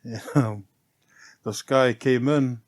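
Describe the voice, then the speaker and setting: A man's voice: medium pitch, slow. Middle-aged New Zealand man, easygoing storyteller, chuckles a lot, tags lines with "eh", guest on a chat podcast. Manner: relaxed, laughs often, ends phrases with "eh". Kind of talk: casual storytelling interview.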